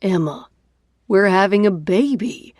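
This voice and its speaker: A laid-back young man who teases his best friend, as a woman narrator voices him. He speaks slowly in a lowish voice. The recording is dry. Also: lively intonation, a little mellow, no echo. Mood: teasing.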